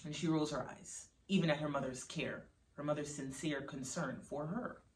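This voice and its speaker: Woman storyteller, low voice, casual unhurried narration, echoey room. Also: slight background noise. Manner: conversational, unhurried, with fillers like "you know". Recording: roomy sound from a distant mic.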